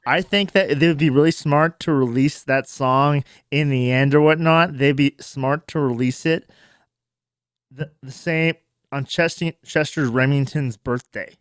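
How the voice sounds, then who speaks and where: A man's voice: fairly high pitch, measured pace, clean tone, dry recording, clean studio sound. A man hosting a casual interview show, joking and speaking straight to his viewers. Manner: joking, talks to viewers directly.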